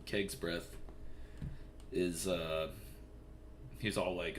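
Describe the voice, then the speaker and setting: Young male streamer with a deep voice, swearing and rambling through news commentary over faint noise. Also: fairly even intonation, measured pace, pauses often, a bit bright. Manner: profane, rambling, filler-heavy.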